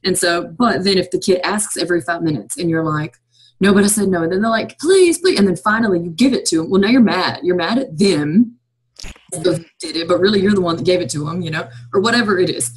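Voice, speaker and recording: A woman hosting a casual conversation about parenting, chatty and quick to laugh, heard over a low-quality video call. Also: husky. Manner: chatty, laughs often, acts out scolding her kids. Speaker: host.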